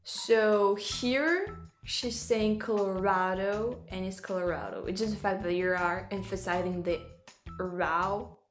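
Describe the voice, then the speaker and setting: A woman's voice: medium pitch, measured pace. A French woman, a native French speaker, hosting a casual reaction video and talking in English, hesitating and repeating words as she hunts for them. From France. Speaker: video host reacting to clips. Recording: roomy echo with faint background music.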